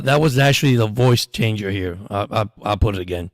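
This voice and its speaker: A man hosts a live sports stream, rambling casually and calling plays as they happen. His voice sits fairly low, and it comes through dry and close. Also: dry recording. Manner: chatty, rambling, quick to laugh.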